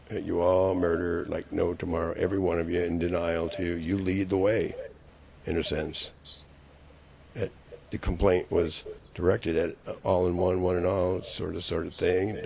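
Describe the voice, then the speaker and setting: Gravelly man in an angry rant. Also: deep voice, level tone, a little slow, pauses often, darkish tone, a little hiss or hum. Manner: angry, profane, rambling ranting. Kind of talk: rambling monologue.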